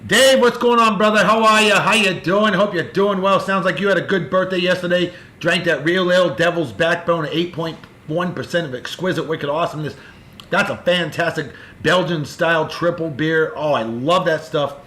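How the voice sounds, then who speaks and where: A man hosts his daily video and hands out effusive, upbeat birthday greetings. His voice sits a little high and sounds crisp and forceful. The recording rings with the echo of a bare room. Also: moderate pace. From Martha's Vineyard, Massachusetts. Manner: upbeat, effusive, talks straight to friends. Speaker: host of a daily beer video. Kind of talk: casual birthday shout-outs. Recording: echoey room.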